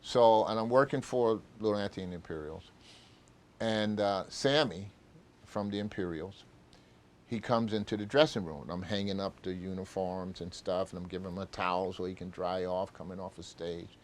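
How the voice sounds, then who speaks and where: Older man, interview storyteller, low voice, rambling, acts out dialogue. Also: moderate pace, darkish tone. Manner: rambling, full of fillers, acts out old conversations.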